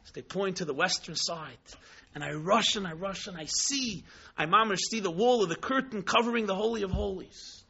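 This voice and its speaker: A man telling a story in a sermon, dramatic, swinging between hushed tones and exclamations, mixing in Hebrew and Yiddish terms. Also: high voice, moderate pace, vocal fry, slightly rough. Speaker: rabbi teaching Chassidus. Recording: dull lo-fi recording.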